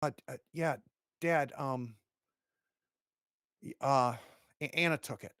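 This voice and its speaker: A man's voice: medium pitch, slow pace, a bit bright, clear, resonant tone, no echo, studio quality. A man voicing a timid young man who stutters and hesitates nervously in front of his father, in a tabletop horror game. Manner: stuttering, hesitant, filler-heavy. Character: timid stammering young man, browbeaten son.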